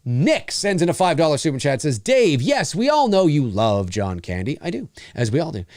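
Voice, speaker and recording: Lively-voiced man rambling through live chat. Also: fairly high pitch, moderate pace, no echo, studio quality. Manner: rambling, searching for names mid-sentence. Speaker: podcast co-host reading live chat. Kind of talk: casual live commentary chat.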